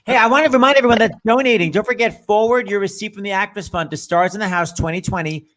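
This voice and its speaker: A man's voice: sits high, fast, fairly bright tone. A male host of a live-streamed talk show, asking guests questions and giving upbeat reminders to viewers.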